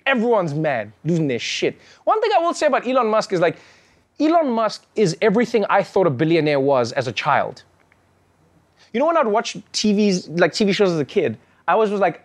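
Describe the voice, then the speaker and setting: A man performing stand-up comedy, animated and acting out characters, then hosting his show. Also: sits high, a little fast. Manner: animated, acts out characters in shouted bits.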